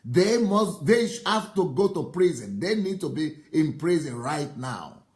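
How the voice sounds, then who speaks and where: A man, a pastor commenting on a video in an impassioned, repetitive way that rises to shouts. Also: on the high side, big pitch swings, unhurried. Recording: roomy echo.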